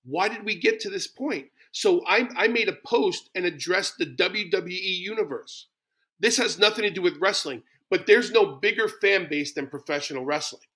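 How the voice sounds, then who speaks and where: Middle-aged guy, blunt and passionate, bright punchy voice. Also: sits high, normal speed, husky. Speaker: guest, former wrestler. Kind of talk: casual interview talk.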